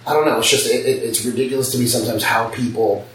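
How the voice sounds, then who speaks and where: Fast-talking blunt man, roomy distant sound. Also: mid-range voice, a bit bright, a little hiss or hum. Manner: blunt, profane storytelling. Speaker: piercing studio owner. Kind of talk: casual podcast chat. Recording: roomy, distant mic, faint ambience.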